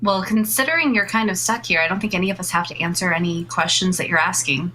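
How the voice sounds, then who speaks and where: Woman playing a tabletop game, bright voice, a bit hesitant, faint background hum. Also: lowish voice, fast, low-quality recording. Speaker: player.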